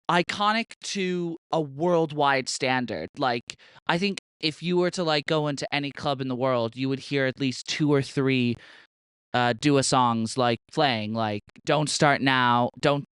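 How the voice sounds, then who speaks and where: A man's voice: medium pitch, a bit bright, clean tone, no echo. A young man hosting a podcast in casual chat, chatty and gushing, peppered with fillers and swearing. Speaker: podcast host.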